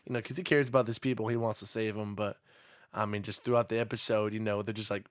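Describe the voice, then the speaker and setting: A man's voice: on the low side, fairly even intonation, quick pace, smooth, no echo, clean studio sound. A young man co-hosting a casual podcast chat, easygoing and enthusiastic with slangy talk and lots of fillers. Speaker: podcast co-host.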